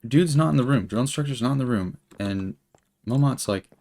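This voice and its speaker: A man's voice: mid-range voice, a little fast, warm tone. A young man in his twenties telling a long story as a streamer, rambling with lots of fillers and swearing. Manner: rambling, profane, filler-heavy. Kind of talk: casual storytelling while gaming.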